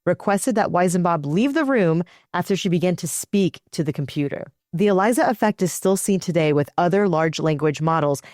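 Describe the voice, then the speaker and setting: A woman co-hosts a tech podcast in an upbeat, chatty way and reads a scripted segment. Her voice sits a little low, and the studio sound is dry and close. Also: lively intonation, fairly quick, hardly any pauses, darkish tone, no echo. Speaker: podcast co-host.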